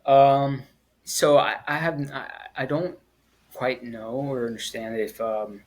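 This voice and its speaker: A man, a former Marine, telling his story in an interview in a halting, earnest way, with frequent pauses and restarts. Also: medium pitch, steady tone, a little mellow, slight background noise, low-quality recording. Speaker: guest, former Marine at the Kabul airport evacuation.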